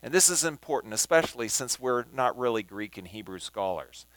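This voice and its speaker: A man teaching a Bible study, talking slowly and deliberately and stressing words as he reads scripture aloud. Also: medium pitch, expressive, a bit bright, dry recording. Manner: slow and deliberate, emphasizing words when reading scripture.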